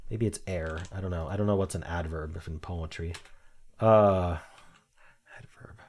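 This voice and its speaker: A man with a deep, gravelly voice works through a crossword, reading clues aloud and muttering his guesses as he goes. His tone is husky and unpolished, the sound of someone thinking out loud on his own. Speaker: crossword-solving video host. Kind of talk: thinking aloud while solving a puzzle.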